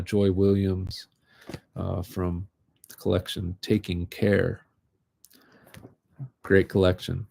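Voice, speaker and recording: A man reading literary short stories aloud in a calm, unhurried way, chatting casually between them. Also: low voice, vocal fry, no room sound, studio quality. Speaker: reader of short fiction. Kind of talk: live reading of literary fiction.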